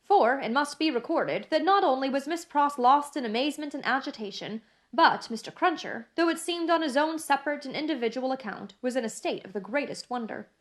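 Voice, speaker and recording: A woman's voice: high-pitched, lively intonation, brisk, hardly any pauses. Woman narrating a classic novel. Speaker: audiobook narrator.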